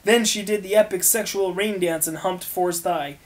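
A woman reading an absurd, crude parody story aloud with a deadpan delivery. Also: mid-range voice, moderate pace. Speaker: fanfiction reader.

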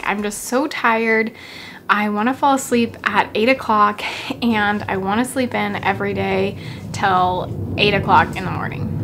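Chatty young woman, slightly high. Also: a bit bright. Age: young adult. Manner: chatty, apologetic, laughs often. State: short of breath. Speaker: vlogger. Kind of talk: casual pregnancy update vlog. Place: at home.

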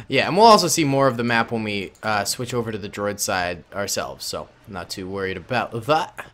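A gaming YouTuber with a lowish, fairly bright voice talks at normal speed, his intonation lively. He narrates his own gameplay in a casual, jokey way and addresses the viewers as "boys."

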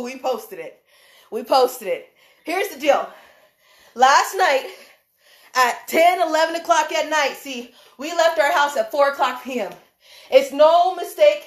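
A woman with a high voice rants on a live stream from a room indoors. She is animated and laughs often, and she swears while she repeats her points for emphasis. Her phone mic picks up a roomy echo. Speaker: livestream host, dance choreographer. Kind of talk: heated livestream rant. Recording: echoey room.

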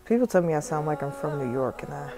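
Loud music plays behind this young South Carolina woman as she fast-talks through a phone screen-recording tutorial, deep-voiced and expressive. She's a tutorial vlogger and music artist, rambling, swearing, and chatting casually into her phone's mic.

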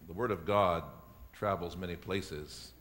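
A man, a pastor, delivering a sermon and building to loud, emphatic preaching. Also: sits low, steady tone, a little slow, a little hiss or hum.

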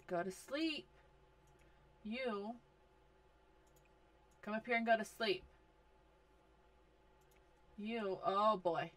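A woman giving casual commentary over a life-simulation game, talking slowly and bossing her characters around in exasperation. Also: medium pitch. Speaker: gaming video host.

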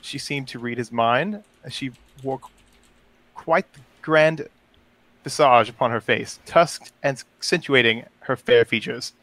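A man's voice: medium pitch, unhurried, fairly bright tone, no room sound. A man voicing a pompous lovesick elf lord. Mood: wistful. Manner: flowery, pompous storytelling. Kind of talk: reading a role-play story aloud.

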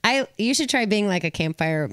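A woman's voice: medium pitch, expressive, normal speed, fairly bright tone, clean tone, no echo. A woman hosting a podcast in casual chat, telling stories and acting out what other people said. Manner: chatty, acts out quotes from others. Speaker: podcast host.

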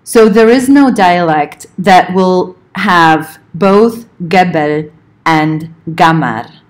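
A woman lecturing on linguistics, explaining points in a measured way and slowing down to spell out examples. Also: fairly low pitch. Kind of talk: recorded lecture.

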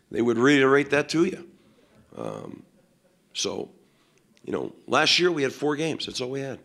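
A man's voice: mid-range voice, a bit bright. A man, a head football coach, answering questions at a post-game press conference in a blunt, emphatic way, with many fillers.

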